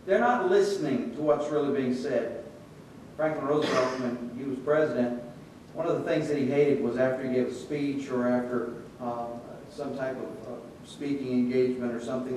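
A man preaching a sermon in a relaxed, conversational way, telling stories and acting out the voices in them. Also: normal speed. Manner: conversational storytelling with quoted voices. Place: church sanctuary. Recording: echoey church room, distant mic, faint rumble.

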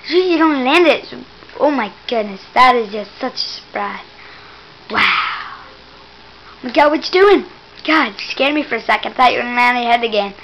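A woman giving casual gameplay commentary, excitable and teasing, exclaiming again and again and mock-scolding the player. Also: on the high side, brisk, lo-fi sound, a little hiss or hum.

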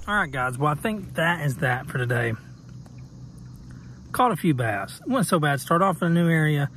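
A man's voice: on the high side, very animated, normal speed, pauses often. Man, fishing vlogger, casual rambling chat, faint outdoor background noise. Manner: laid-back, rambling, talks to viewers. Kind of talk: casual on-camera fishing vlog. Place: outdoors on the water.

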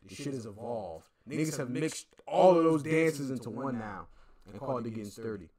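A man's voice: medium pitch, animated, normal speed, crowd noise. A man hosting a reaction video, talking in a rambling, slangy way that trails off and corrects itself. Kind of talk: casual reaction commentary.

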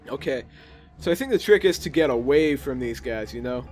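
A young man casually commenting while playing a video game, chatty and jokey with quick reactions. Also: medium pitch, lively intonation, a little mellow, faint music behind. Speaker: gaming video host. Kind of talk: casual let's play commentary.

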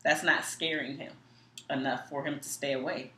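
A woman's voice: extremely low pitch, fairly even intonation, normal speed, pushed and bright. A woman hosting a casual chat, asking follow-up questions and checking that she has understood. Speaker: host. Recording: echoey room.

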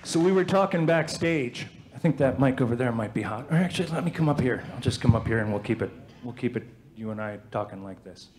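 A man's voice: medium pitch, expressive, darkish tone. Earnest man hosting a live event. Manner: earnest, halting with fillers. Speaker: event host. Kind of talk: live stage introduction. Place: TV studio before a live audience.

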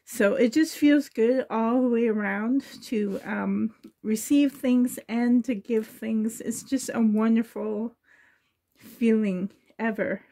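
A woman's voice: on the high side, steady tone, slow pace, warm tone. A woman vlogger chatting casually while unboxing, her voice shaky and emotional as she gushes with tearful gratitude. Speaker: doll-collecting vlogger.

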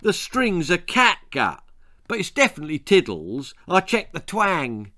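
Guy doing a sly bratty girl, high and bright, bold as anything. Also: huge pitch swings, measured pace, no room sound, clean studio sound, heavily acted. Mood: cheeky. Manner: brazen, matter-of-fact. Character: scheming lying girl, brazen and cheeky.

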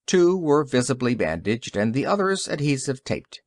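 A man narrating an audiobook story in an expressive, varied reading. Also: medium pitch, moderate pace, dry recording, studio quality. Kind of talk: scripted narration.

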